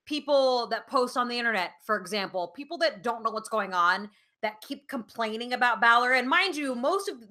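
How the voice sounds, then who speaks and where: A woman co-hosting a podcast in casual chat, animated, with lots of fillers and swearing. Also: a little high. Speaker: podcast co-host.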